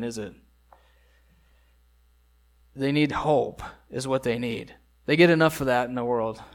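A man preaching a sermon, earnest and emphatic, repeating key phrases and asking rhetorical questions. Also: medium pitch. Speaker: pastor.

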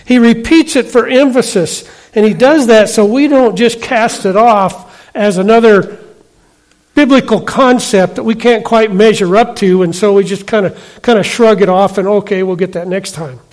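A middle-aged man preaching a sermon in a conversational way, often checking in with the congregation with quick questions. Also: sits high, darkish tone. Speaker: pastor.

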